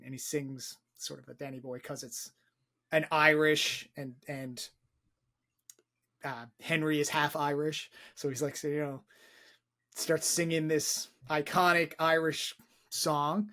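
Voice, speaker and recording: An excited young man co-hosting a casual film podcast, his voice sitting a little higher than most. He rambles, stumbles over repeated words and drops casual swears as he gets carried away. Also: a little slow. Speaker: podcast co-host.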